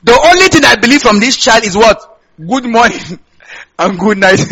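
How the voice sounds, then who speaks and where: A man's voice: high voice, lively intonation, a little slow, bright, forceful tone, husky, low-quality recording. A male pastor from Nigeria with a Nigerian accent, preaching a sermon and tossing questions back to the congregation.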